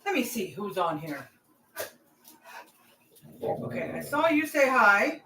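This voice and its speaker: A woman's voice: fairly high pitch, very animated, slow pace, background noise. A woman hosting a cooking vlog, rambling chattily and talking straight to her viewers from her home kitchen. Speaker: cooking channel host.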